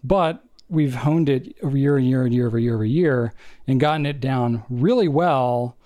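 Mellow-voiced man chatting on a podcast. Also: mid-range voice, moderate pace. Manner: animated, rambling explanations. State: out of breath. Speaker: podcast co-host. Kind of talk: casual podcast chat.

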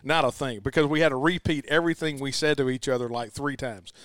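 Casting: mid-pitched male sports host, emphatic and chatty, dry studio mic. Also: fast talker, fairly bright tone, smooth, no room sound. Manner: emphatic, repeats "let me tell you". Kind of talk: casual sports chat.

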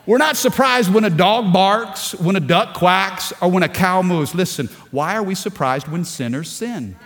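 Preaching man, high voice, echoing hall. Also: normal speed. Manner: animated preaching, calls for audience response, rising to shouts. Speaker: pastor. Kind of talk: sermon. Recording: large hall with long reverb.

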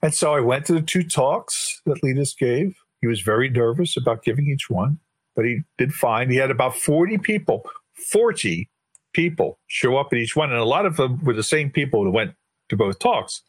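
A man's voice: mid-range voice, normal speed, breathy edge, no echo. An older man, a guest on an interview podcast, telling a long anecdote in a casual way and acting out the lines of the people in it. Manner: lively storyteller who acts out quoted dialogue. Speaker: guest, board chair of a tech body.

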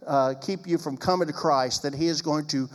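Male pastor with a slightly high voice and an emphatic, sarcastic delivery, recorded with long reverb. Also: moderate pace. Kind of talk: preaching-style talk on marriage.

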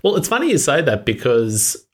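A man's voice: mid-range voice, huge pitch swings, normal speed. A man with an Australian accent co-hosting a casual podcast chat, with a dry, clipped delivery.

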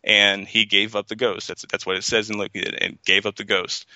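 A man's voice: lowish voice, little pitch movement, normal speed, sharp tone, no echo, muffled recording. A man in a casual podcast discussion, talking in a rambling way with many fillers and restarts. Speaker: podcast co-host.

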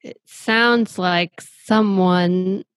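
A woman's voice: lowish voice, fairly even intonation, extremely slow, dry recording. A woman co-hosting a podcast who chats in a laid-back, teasing way. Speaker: podcast co-host. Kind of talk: casual chat.

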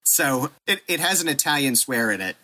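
Bright-voiced man telling a story. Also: mid-range voice, moderate pace. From United States. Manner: animated, self-deprecating storyteller who laughs at himself. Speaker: podcast guest, archaeologist. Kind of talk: storytelling in a podcast interview.

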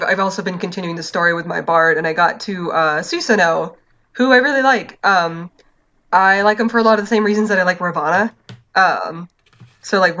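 This woman has a fairly low-pitched, bright voice with a forceful tone. Co-hosting a podcast, she chats casually about a video game, rambling through stories with plenty of fillers and laughs, and the sound is dull and lo-fi.

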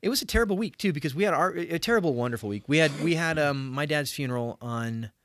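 A man's voice: a little high, animated, fast talker, fairly bright tone, dry recording, clean studio sound. A man co-hosting a podcast in casual chat, rambling with fillers and restarts and acting out quotes. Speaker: podcast co-host.

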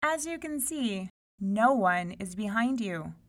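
A woman's voice: mid-range voice, animated, takes it slowly. A woman doing a bossy, scornful eldest princess. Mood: scolding. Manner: impatient, scolding.

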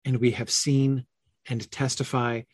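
A man's voice: mid-range voice, little pitch movement, unhurried, breathy edge, no echo. A man leading a casual online Bible study, thinking aloud with many fillers and self-corrections and answering chat comments.

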